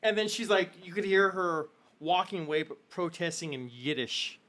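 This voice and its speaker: A woman narrating as game master of a tabletop game, animated and laughing along with the players. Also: on the low side, moderate pace, a little hiss or hum.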